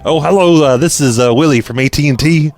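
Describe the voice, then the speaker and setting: A man's voice: a little high, brisk, a little mellow, faint music behind, natural voice. A man voicing a fake phone-company customer service rep who stammers, bumbles and gets defensive. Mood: chirpy.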